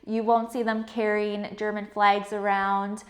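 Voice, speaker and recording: Brief: woman vlogger, mid pitch, chatty and loose, lots of "like". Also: flat delivery, a little slow. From Canada. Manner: chatty, filler-heavy with frequent laughs. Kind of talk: casual chat to camera.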